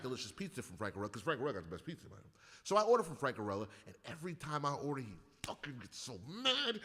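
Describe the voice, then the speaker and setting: A man talks in a bright, forceful voice that swings widely in pitch as he rambles through crude stories and rants. He swears freely and drifts from joking into heated tirades. The sound carries a long, hall-like reverb. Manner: profane, rambling storyteller who rants loudly. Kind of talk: casual chat.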